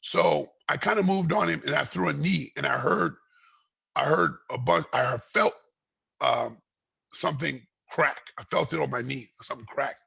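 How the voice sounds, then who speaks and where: Man, interview guest, gravelly, raspy, slightly high voice, animated storyteller, repeats himself. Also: normal speed. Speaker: guest, retired fighter.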